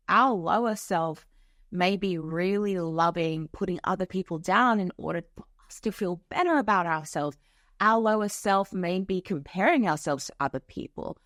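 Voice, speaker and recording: A woman with a somewhat low voice hosts her own podcast, speaking as a spiritual coach in a loose, unscripted monologue. She talks frankly, swears freely and leans on filler words. The sound is dry and close, from a home office. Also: no room sound. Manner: frank and profane, lots of "like" fillers.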